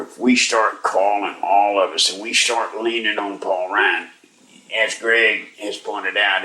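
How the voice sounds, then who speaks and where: Weary older man, slow pleading radio host. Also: on the low side, sharp tone, echoey room, distant mic, poor audio. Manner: slow, strained, pleading and urging listeners to act. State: weak and unwell, struggling to speak. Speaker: radio talk show host. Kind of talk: live talk radio monologue.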